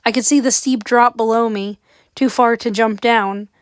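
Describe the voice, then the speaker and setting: A woman's voice: a little high, steady tone, normal speed, smooth, no echo. A woman reading a horror story aloud with dramatic, suspenseful narration. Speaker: audiobook reader.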